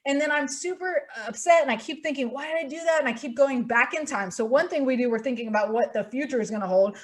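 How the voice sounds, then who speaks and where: A young woman hosting a podcast, telling a story in a lively, animated way and acting out her own thoughts. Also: sits high, quick pace. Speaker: podcast host. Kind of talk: casual chat.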